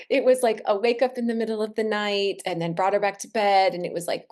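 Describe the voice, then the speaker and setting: Earnest reflective woman, slowing on key words. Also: mid-range voice, fairly even intonation, darkish tone. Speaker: wellness expert guest. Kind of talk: casual heartfelt conversation.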